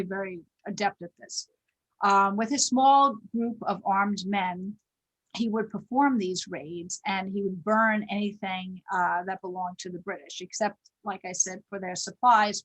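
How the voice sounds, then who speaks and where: A woman's voice: medium pitch, steady tone, measured pace, low-quality recording. Woman author hosting a history livestream. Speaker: host and author.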